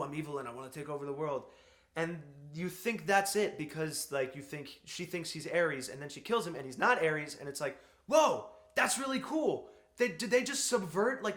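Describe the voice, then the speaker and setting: A man's voice: high voice, a bit bright. Exasperated ranting man, echoey room. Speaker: movie reviewer. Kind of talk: ranting film review.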